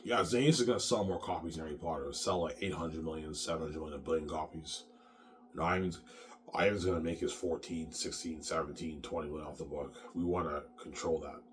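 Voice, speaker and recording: A man with a very deep, low-pitched voice delivers a rambling monologue. He trips over repeated words, restarting again and again, and swears freely as he goes. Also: fairly even intonation, a little fast, noisy background. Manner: repetitive, stammering, profane.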